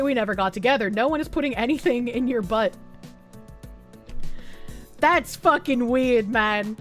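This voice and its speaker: A woman from Boston with a Boston accent, streaming and chatting casually with viewers in a loose, profane way. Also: on the high side. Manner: loose, profane, quick to laugh. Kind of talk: casual chat reading viewer comments.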